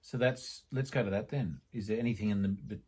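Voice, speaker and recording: A man's voice: fairly low pitch, fairly even intonation, a little fast, darkish tone, slightly rough. A man hosting a podcast interview, casual, with short backchannels and playful teasing. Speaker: podcast host.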